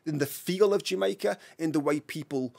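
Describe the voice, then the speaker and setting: A man from England with a Liverpool accent, a podcast guest telling his story in a lively, animated way and laughing often. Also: a little high, moderate pace, gravelly, no room sound. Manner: animated, laughs often, acts out voices in anecdotes. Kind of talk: casual storytelling interview.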